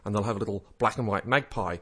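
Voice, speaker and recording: A man's voice: fairly low pitch, quick pace, bright, forceful tone, breathy edge. A man, co-hosting a casual chat and telling stories, hesitant with many fillers. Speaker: podcast co-host.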